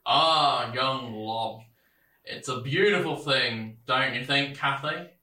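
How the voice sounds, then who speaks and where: A man's voice: mid-range voice, takes it slowly, pushed and bright, reverberant. A man playing a smug, folksy small-town sheriff who talks down to people, tacking on "eh?" and "lad" in an audio drama. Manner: patronizing, sing-song, tags lines with "eh?" and "lad".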